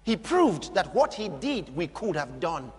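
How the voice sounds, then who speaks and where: A man preaching a sermon, swinging from quiet murmurs up to shouts. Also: sits high, very animated, measured pace. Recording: long hall reverb.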